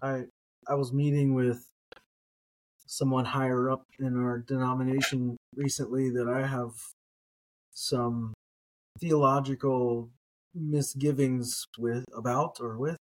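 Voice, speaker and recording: A man's voice: mid-range voice, flat delivery, takes it slowly, long pauses, rough recording. A man in a Bible study podcast tells a story in a casual, conversational way. He presses his point with rhetorical question after rhetorical question. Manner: conversational, telling an anecdote with repeated rhetorical questions. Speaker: biblical scholar co-host.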